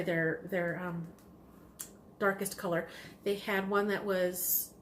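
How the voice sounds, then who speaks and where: A woman hosting a knitting video podcast, chatting casually and excitedly about yarn, rambling with lots of ums and restarts. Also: medium pitch, slight background noise. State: has the hiccups. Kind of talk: casual chatty show-and-tell.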